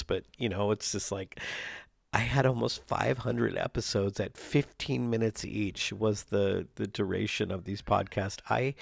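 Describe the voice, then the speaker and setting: Man from Southern Oregon, podcast host, rambling and profane, gravelly voice at middle pitch, dry close sound. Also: no echo. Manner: rambling, profane, restarts mid-sentence. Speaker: podcast host and performing artist. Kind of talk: stream-of-consciousness solo podcast. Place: at home with his cat.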